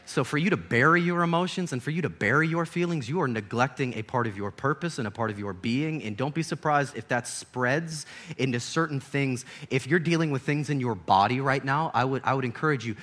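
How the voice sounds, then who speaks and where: A young man preaching an animated sermon, swinging from hushed to loud and laughing often. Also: medium pitch, brisk.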